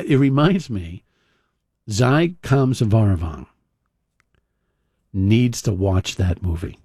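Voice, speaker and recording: A man's voice: lowish voice, dark tone, no room sound, studio quality. A male radio host casually retelling a film scene in a rambling way, full of fillers and restarts. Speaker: radio talk show host. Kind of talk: casual talk radio monologue.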